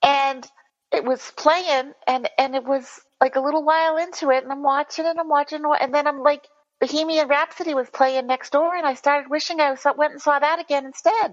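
A high-pitched woman co-hosting a casual chat podcast, candid and rambling as she restarts her sentences. The audio is dull and lo-fi. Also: steady tone, brisk. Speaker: podcast co-host.

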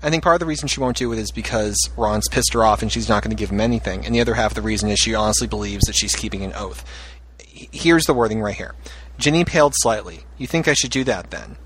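A man's voice: lowish voice, fast talker, a bit bright, slight background noise, poor audio. A man co-hosting a casual discussion of a story, laying out his case point by point with emphasis.

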